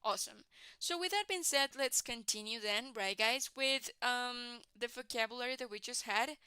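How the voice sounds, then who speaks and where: A woman's voice: fairly high pitch, moderate pace, bright, forceful tone, smooth, no room sound. A woman teaching an English class online, patiently explaining and constantly checking in with "right, guys?". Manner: encouraging, explains patiently, repeats key words.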